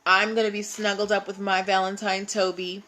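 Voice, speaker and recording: A woman's voice: mid-range voice, little pitch movement, normal speed, sharp tone. A woman hosting a casual live stream, chatting and greeting viewers by name. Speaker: livestream host.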